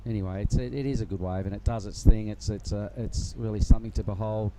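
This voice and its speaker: A man commentating live surfing in a relaxed, rambling way. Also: fairly low pitch, fast talker, slight background noise. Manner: relaxed, rambling, many fillers. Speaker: surf commentator.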